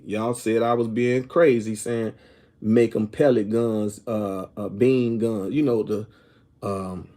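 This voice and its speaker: Middle-aged guy rambling to his viewers, warm low-key voice, keeps asking if you get him. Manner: rambling, repeats "you know what I'm saying"; reads viewer comments aloud. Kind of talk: casual opinion talk to viewers.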